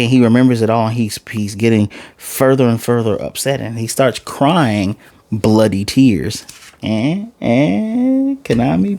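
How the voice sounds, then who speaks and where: A man casually recapping and ranting about an anime episode, rambling and acting out the characters' lines as he goes. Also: medium pitch. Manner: animated retelling, acts out lines, rambling. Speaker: anime reviewer.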